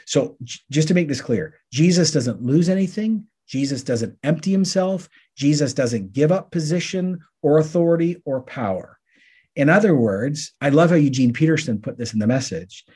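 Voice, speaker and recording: Guy chatting thru bible verses on a podcast, kinda husky, warm low tone, acts out what people would ask. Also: normal speed. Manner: lively, acts out listeners' questions in quotes. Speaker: podcast co-host teaching on the Bible. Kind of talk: casual Bible teaching chat.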